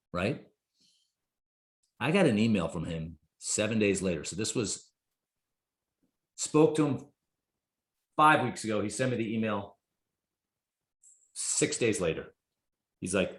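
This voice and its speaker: A man in his fifties, a guest on a talk show, telling stories and acting out the people in them with sudden high leaps in pitch. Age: 50s. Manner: storytelling, acts out quoted dialogue with big pitch jumps. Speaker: guest, therapist and executive. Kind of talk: casual conversation. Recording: roomy echo.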